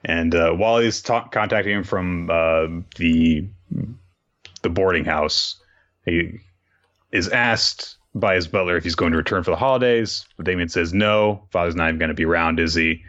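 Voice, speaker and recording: A man with a very low voice recaps a story in casual chat. He rambles, stacking fillers and tossing off crude asides. The audio is a little dull and lo-fi. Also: moderate pace, fairly bright tone. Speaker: podcast host recapping a manga.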